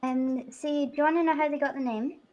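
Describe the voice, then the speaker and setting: A woman's voice: high voice, steady tone, brisk, a little mellow, lo-fi sound. Chatty woman with a light Scottish accent. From Scotland. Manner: chatty, laughs often. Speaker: host. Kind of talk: casual chat.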